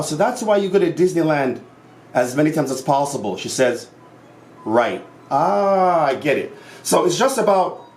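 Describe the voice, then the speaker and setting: Man, self-improvement vlogger, passionate, animated, slightly high voice, echoey room. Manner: passionate, animated storytelling with acted quotes. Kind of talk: casual monologue to camera.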